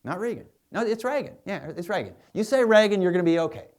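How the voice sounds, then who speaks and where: A man voicing a fretful small-town introducer who anxiously mutters to himself in a low, quiet voice. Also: very fast, close to an everyday voice. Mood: insistent.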